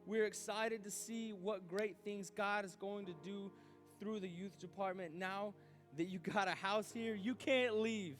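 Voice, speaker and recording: High-voiced animated male youth pastor. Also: a little slow, faint music behind. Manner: animated, acts out his own inner doubts aloud. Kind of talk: youth sermon.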